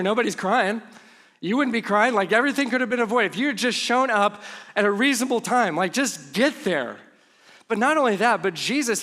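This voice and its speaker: High-voiced animated male preacher. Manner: animated storytelling, drops to hushed tones for emphasis; humorous asides. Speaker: pastor. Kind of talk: conversational sermon.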